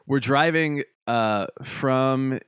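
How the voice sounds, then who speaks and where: A man's voice: mid-range voice, drawn-out words, fairly bright tone, clear, resonant tone, no room sound, clean studio sound. A young man from Ohio, a touring band member, telling tour stories in casual chat, swearing freely and laughing through them. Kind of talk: casual storytelling on a streamed chat.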